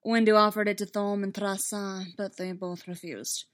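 A woman's voice: mid-range voice, level tone, moderate pace, close to an everyday voice. A woman reading aloud, voicing a grim male Jedi knight in a wry, clipped, urgent way. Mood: tense. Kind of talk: fan fiction read aloud.

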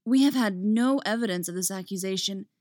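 A woman's voice: medium pitch, fairly quick, darkish tone, no echo, studio quality, lightly acted. A woman playing a wry, composed jedi master.

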